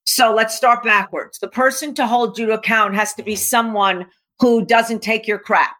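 Speaking to an interviewer, this coach has a voice that sits a little high. Her delivery is animated and emphatic; she voices the quotes in her stories and eases her pace whenever a key point needs weight.

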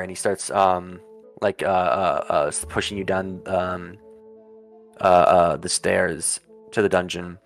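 A man acting as game master narrates a tabletop campaign in a low voice with fairly even intonation. He rambles, using lots of fillers and quick in-character asides, while soft music plays in the background.

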